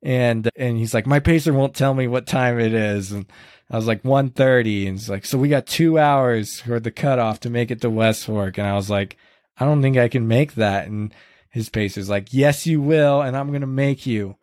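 A man casually retelling a hard race on a podcast, earnest and halting, with many restarts and quoted lines. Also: medium pitch, a little mellow, no room sound, studio quality. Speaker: podcast host recounting a race. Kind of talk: casual storytelling chat.

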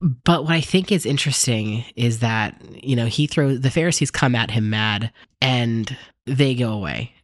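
A man hosting a bible podcast, reading scripture and then reflecting in a relaxed, rambling way with many fillers. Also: medium pitch, normal speed, no room sound.

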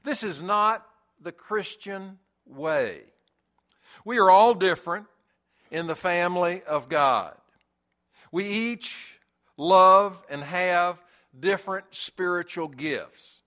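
Slow, deliberate preaching man. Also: sits high, sharp tone. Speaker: pastor. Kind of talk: sermon.

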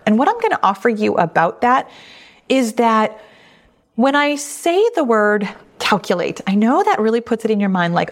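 A middle-aged woman hosting a weight loss podcast, answering listener questions in a reassuring, conversational way. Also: medium pitch. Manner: warm, reassuring, conversational with frequent restatements.

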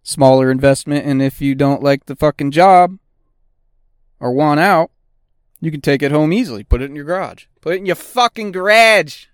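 A man's voice: on the high side, normal speed, darkish tone, smooth, no echo, clean studio sound. A middle-aged man hosting a podcast, talking bluntly and swearing constantly in a casual monologue. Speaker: podcast host; auto technician.

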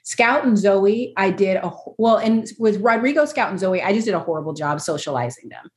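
A woman's voice: medium pitch, animated, a little fast, reverberant. A woman chatting casually as a guest, self-deprecating and laughing often as she talks. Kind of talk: casual chat.

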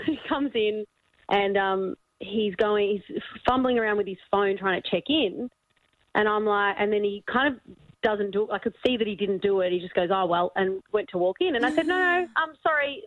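A woman's voice: mid-range voice, a little fast, no room sound. A woman caller telling a laughing anecdote. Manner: chatty, laughing storyteller. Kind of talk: phone-in anecdote. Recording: tinny phone line.

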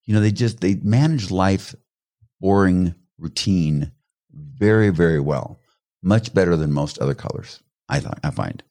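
Deep-voiced middle-aged man telling stories. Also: measured pace. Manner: animated storyteller, acts out quoted voices; laughs while telling stories. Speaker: guest expert on personality colors. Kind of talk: conversational explaining with anecdotes.

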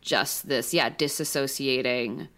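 A woman's voice: rumbling low, steady tone, measured pace, sharp tone. A young adult woman co-hosting a podcast, talking in a casual, emphatic and emotionally invested way. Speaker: podcast co-host. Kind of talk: casual chat.

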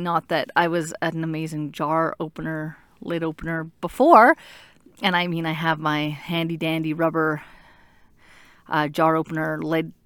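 A woman's voice: on the low side, dry recording, studio quality. A woman in her thirties telling her own story in a candid, reflective, self-questioning way. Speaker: mother sharing her experience. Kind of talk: personal storytelling, casual.

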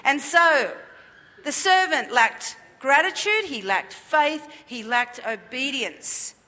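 A woman's voice: high voice, expressive, slow, sharp tone, long reverb tail. A woman preaching a sermon at a church service, emphatic and repetitive, with many rhetorical questions.

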